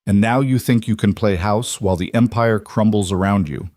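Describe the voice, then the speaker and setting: A man reading the lines of a cold male crime boss, soft and dangerous. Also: on the low side, moderate pace, no room sound, clean studio sound, lightly acted. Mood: menacing.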